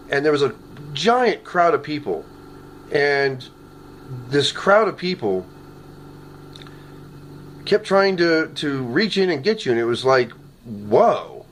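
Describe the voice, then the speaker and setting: A man's voice: on the high side, slight background noise. A man recording a rambling, earnest video message on his phone at home, often ending his sentences with "okay?". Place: his apartment. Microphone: phone camera.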